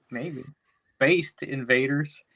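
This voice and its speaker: Guy on a podcast rambling thru a movie plot, cursing a lot, mid-pitched voice. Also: very slow, pushed and bright, husky. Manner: rambling, profane, heavy on "you know". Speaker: podcast co-host. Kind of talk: casual chat, movie recap.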